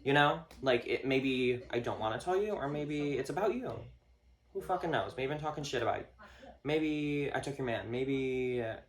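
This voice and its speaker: Man, vlogger, casual rant, crude, lots of fillers, mid-pitched voice. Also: lively intonation, moderate pace. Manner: profane, filler-heavy, mocks others in a higher voice.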